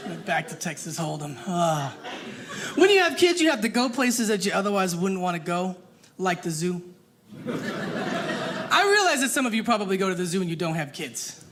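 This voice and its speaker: A woman performing a stand-up comedy set on stage, animated and acting out the people in her stories. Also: medium pitch, moderate pace, crowd noise. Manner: animated, acts out voices. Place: stage before a live audience. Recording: noisy live comedy room.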